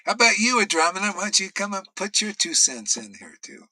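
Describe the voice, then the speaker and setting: A man's voice: sits high, very animated, normal speed, sharp tone, slightly rough, no echo, rough recording. A man hosting an online spiritual class over a video call, jovial and encouraging, laughing often. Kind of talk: casual group video call.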